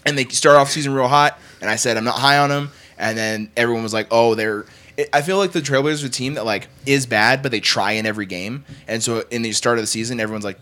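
A young man in casual sports talk, arguing his opinions in quick runs full of "like". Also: mid-range voice, bright, forceful tone. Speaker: podcast co-host.

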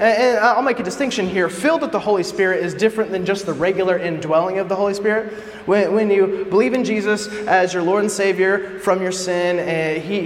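Animated high-voiced male preacher. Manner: animated, joking, acts out quotes. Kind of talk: casual sermon. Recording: echoey hall, faint background noise.

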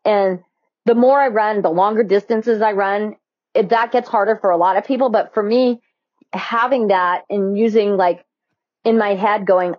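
A woman's voice: mid-range voice, steady tone, brisk, no echo. A woman guest on a podcast, talking earnestly in a casual interview and acting out the voices in her head. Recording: dull, slightly lo-fi dry sound.

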